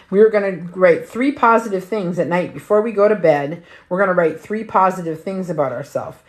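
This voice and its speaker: A woman hosting a weight-loss livestream, telling a personal story in a blunt, emphatic way with plenty of swearing. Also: lowish voice. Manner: blunt, heavily profane, emphatic. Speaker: weight-loss challenge host.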